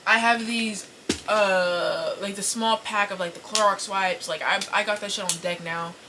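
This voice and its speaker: A young woman hosting a podcast, telling an embarrassing story to camera in a casual, animated, profane way, full of fillers and apologies. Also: medium pitch, normal speed, noisy background. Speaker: podcast host. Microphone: camera set up in front of her.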